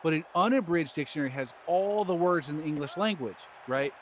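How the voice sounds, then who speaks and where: A man's voice: a little high, brisk, a little hiss or hum. A man co-hosting a game stream, telling a rambling, laughing story and acting out the quotes. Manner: laughing, animated, acts out quotes.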